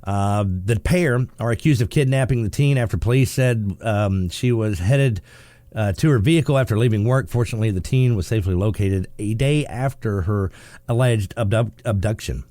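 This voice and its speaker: A man hosting a morning talk radio show, sarcastic and quick to laugh as he comments on the news. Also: fairly low pitch, mellow, no echo. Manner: joking and sarcastic, laughs often. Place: radio studio.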